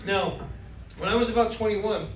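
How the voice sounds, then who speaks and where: A middle-aged man from Florida doing an animated stand-up set, acting out voices and shouting punchlines. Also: sits high, moderate pace, slight background noise. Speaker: stand-up comedian. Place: comedy club stage. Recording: echoey club recording from far off, crowd laughter. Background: audience laughter.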